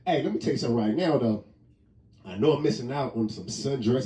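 A man's voice: mid-range voice, expressive, quick pace, mellow. A man giving a casual comedic monologue from home, rambling, joking, laughing often and swearing casually. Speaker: vlogger. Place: indoors at home. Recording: roomy sound from a distant mic.

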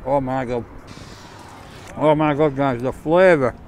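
A man's voice: mid-range voice, a little slow, darkish tone, a little hiss or hum. A man reviewing a takeaway meal in a chatty, enthusiastic, jokey way, talking outdoors on a street. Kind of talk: casual food review vlog.

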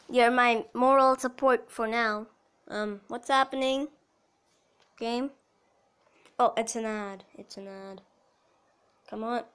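A woman giving casual commentary on her own mobile soccer game, talking to herself and cheering loudly when she scores. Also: high voice. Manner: excitable, talks to herself while playing, cheers at goals.

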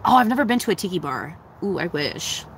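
A woman's voice: on the low side, big pitch swings, a little fast, a little hiss or hum, low-quality recording. A young woman chatting casually on a livestream, answering her chat in a blunt, profane, giggly way.

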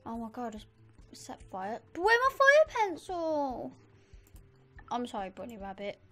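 A woman giving chatty let's play commentary, easily excited and talking straight to her viewers. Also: fairly high pitch, a little slow, soft background music. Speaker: gamer.

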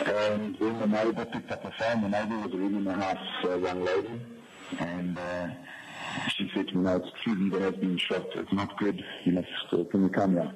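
A man's voice: low-pitched, little pitch movement, normal speed. A man recounting events in an interview, hesitant and full of fillers. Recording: noisy archive interview.

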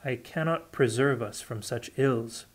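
A man's voice: medium pitch, unhurried, breathy edge. A man reading the part of a grave, fearful young woman in an audiobook, speaking solemnly and heavily. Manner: solemn and heavy.

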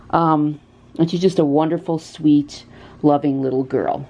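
A woman's voice: on the low side, normal speed, highs cut off. A woman volunteering for a pet rescue, chatting casually and gushing while she shows a cat up for adoption, often cooing to it in a sing-song voice, in a dim indoor room. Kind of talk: casual adoption video chat.

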